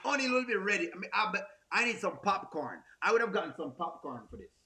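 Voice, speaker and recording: Bright-voiced Jamaican man joking around. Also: high-pitched, lively intonation, quick pace. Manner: playful, teasing, breaks into song. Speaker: reaction video host. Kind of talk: comedic reaction commentary.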